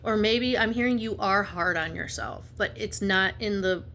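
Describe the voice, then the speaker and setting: A woman giving a spiritual reading in a blunt, fervent way, halting often to restart her sentences. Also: mid-range voice, bright, forceful tone, slight background noise. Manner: emphatic, halting with many restarts; blunt and fervent, slips into slang. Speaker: intuitive reader.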